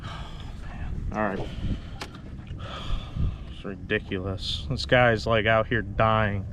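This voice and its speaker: A man's voice: fairly low pitch, fairly even intonation, slow pace, a bit bright, dull audio, slight background noise. A man on a boat out on the water, furious and swearing in a live clip.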